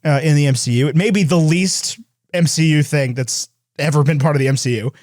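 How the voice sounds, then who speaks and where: Higher-voiced joking man, dry mic. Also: fairly quick, darkish tone, no room sound. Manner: joking, profane, laughs often. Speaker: podcast co-host. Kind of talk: casual chat.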